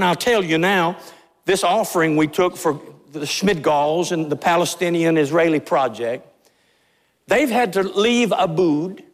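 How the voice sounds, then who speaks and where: A pastor preaching a sermon in a church, fiery and emphatic, pressing his points with rising intensity. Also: a little high. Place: church sanctuary. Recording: long reverb of a large church hall.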